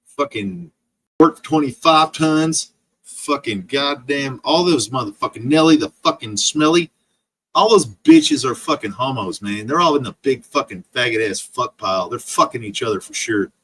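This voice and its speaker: A man's voice: medium pitch, animated, moderate pace, a bit bright, slightly rough. A man streaming an angry, profane rant full of insults. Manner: profane, insult-laden ranting.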